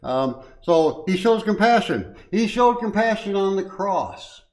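A high-pitched, sing-song, unhurried voice with a darkish tone, on a low-quality recording. The older man is a lay speaker offering a brief informal devotion at a Bible study; he's folksy, chuckles in asides, says uh and um often, and stresses scripture readings more strongly.

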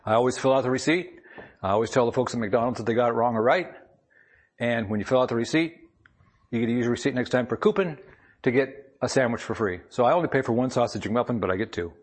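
A man's voice: medium pitch, breathy edge. A man giving a devotional talk to a gathering from up front, telling a personal story in a conversational, plainspoken way and reading scripture aloud.

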